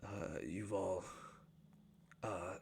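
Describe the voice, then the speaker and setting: A man's voice: sits low, fairly even intonation, vocal fry, darkish tone, a little hiss or hum, voice pushed down, full character voice. A man doing a weary, apologetic old dwarf. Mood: worried, apologetic. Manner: apologetic, halting, choked up. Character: old worried male dwarf father.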